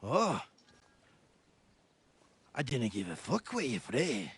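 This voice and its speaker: An actor playing a brash, mocking young bully who swears a lot. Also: male voice, medium pitch, huge pitch swings, slow pace, fairly bright tone, slightly rough, heavily acted. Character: brash rowdy young male bully, wedding guest.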